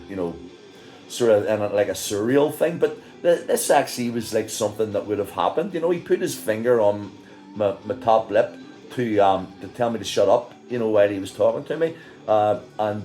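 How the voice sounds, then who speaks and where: Chatty Irish man with a low voice. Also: mellow, low-quality recording. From Ireland. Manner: chatty and rambling, laughing often. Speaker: singer and vlogger. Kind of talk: casual storytelling monologue.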